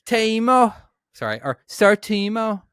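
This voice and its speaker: A man's voice: high voice, big pitch swings, slow pace, a bit bright, clean tone, no echo, studio quality, voice pushed up, heavily acted. An Irish man putting on a hammed-up Dublin accent. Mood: hammy.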